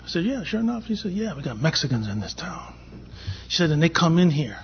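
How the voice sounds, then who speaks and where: Heard on a dull, lo-fi conference recording with slight background noise, a man from Boston tells a panel a personal story. His voice is fairly high and very animated, a little fast, and he acts out the dialogue in quotes.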